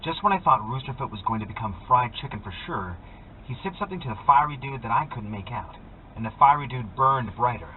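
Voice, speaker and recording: A man's voice: medium pitch, expressive, fairly quick. A man reading a first-person story aloud in a wry, conversational way, heard over a tinny, phone-like line with faint noise. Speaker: audiobook reader. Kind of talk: scripted first-person narration.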